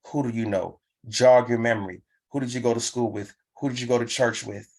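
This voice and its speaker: A man's voice: medium pitch, steady tone, fairly quick, a little mellow. A man leading a live online business training, urging listeners on with emphatic, repetitive coaching. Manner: pumped-up, urging.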